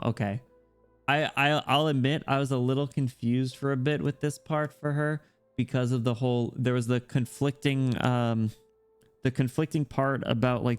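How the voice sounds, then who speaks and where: This game streamer has a clean, medium-pitched voice and chats casually with his viewers, leaning heavily on fillers like "like." He drops to a softer, quieter tone to read the story text aloud.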